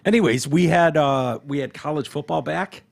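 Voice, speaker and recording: A man's voice: moderate pace, gravelly. A tired man co-hosting a podcast in loose, profane casual chat. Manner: loose, profane, talks sports with animated swings in pitch. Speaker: podcast co-host.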